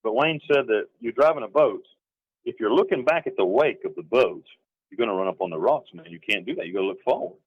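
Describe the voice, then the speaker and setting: A middle-aged man from North Carolina tells his story in an interview, rambling and emphatic, often slipping into acted-out quotes. His voice sits low. The recording is dull and dry, with a lo-fi, phone-like quality. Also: animated, fast, breathy edge, no echo.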